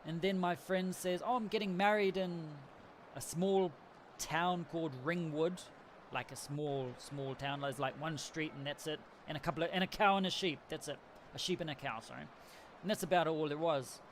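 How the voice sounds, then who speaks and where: A man's voice: fairly high pitch, moderate pace, slight background noise. A man from New Zealand hosting a casual livestream, telling a rambling travel story with frequent laughs. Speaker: livestream host. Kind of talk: casual chat.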